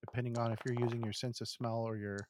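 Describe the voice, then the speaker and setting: A man running a tabletop game as game master, calmly explaining rules. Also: mid-range voice, quick pace, noisy background.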